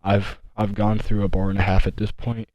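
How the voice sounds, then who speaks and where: Rambling teenage guy, low voice. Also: level tone, dark tone, no room sound, poor audio. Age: teens. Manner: rambling, many fillers and restarts, deliberately slowed. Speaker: storyteller. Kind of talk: casual storytime monologue.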